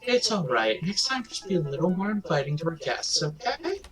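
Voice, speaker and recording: Man doing a friendly upbeat dad, chipper, swooping pitch, game music underneath. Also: big pitch swings, normal speed. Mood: gently chiding. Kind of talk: reading game dialogue aloud in a let's play.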